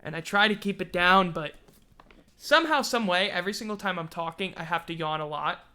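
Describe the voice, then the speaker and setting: A man's voice: high voice, animated, fairly quick, pushed and bright, clean tone. A man hosting a casual sports livestream, rambling and self-mocking, yawning now and then as he talks. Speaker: podcast host.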